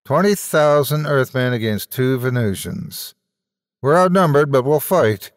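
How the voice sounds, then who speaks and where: A man's voice: mid-range voice, lively intonation, measured pace, no room sound, studio quality, big-room sound, natural voice. A man playing a frantic battle announcer. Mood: frantic commentary. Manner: radio-announcer patter, frantic. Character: fast-talking male battle announcer.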